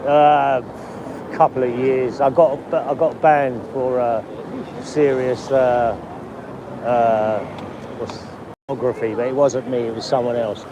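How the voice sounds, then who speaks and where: A chatty man, live streaming from a busy city street. His voice sits in a middle register, and he talks to passers-by in a friendly, easygoing way. Traffic and street noise are clearly heard behind him. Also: mid-range voice, fairly even intonation, takes it slowly, highs cut off.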